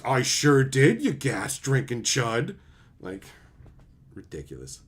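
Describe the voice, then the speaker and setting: Husky guy ranting hard, swears a lot, voice jumps all over. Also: medium pitch, wildly swooping pitch, slow. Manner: profane, heated, sarcastic, mocks opponents in put-on voices. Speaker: streamer. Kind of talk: ranting commentary.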